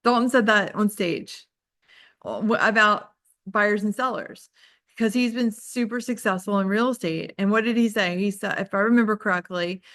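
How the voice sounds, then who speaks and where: A woman real estate trainer with a mid-range, fairly bright voice leads a casual group coaching talk at normal speed. She tells candid, self-deprecating stories in a chatty way, saying "like" constantly. The studio sound is clean, with no echo.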